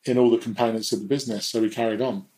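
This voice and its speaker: A man's voice: mid-range voice, fairly even intonation, very fast, mellow, low-quality recording. A man speaking as a guest in a candid, reflective conversation, sometimes laughing at himself. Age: adult.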